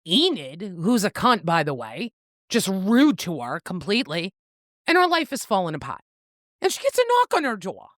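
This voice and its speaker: A woman's voice: mid-range voice, no room sound, studio quality. A woman co-hosting a casual book-club podcast, retelling the plot with acted-out quotes and a bit of swearing. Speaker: podcast co-host.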